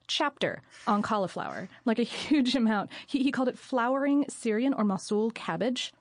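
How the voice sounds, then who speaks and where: A woman's voice: on the high side, sing-song, moderate pace, dry recording. Chatty woman co-host, dry studio sound. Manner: chatty, repeats words as she restarts. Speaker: podcast co-host. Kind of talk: casual chat. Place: recording studio.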